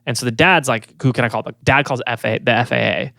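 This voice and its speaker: A man's voice: mid-range voice, quick pace, creaky, bright, forceful tone, no room sound. A man co-hosting a podcast, casually retelling a news story, laughing often and acting out people's lines in silly voices. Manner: laughs often, acts out quotes in funny voices. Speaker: podcast co-host.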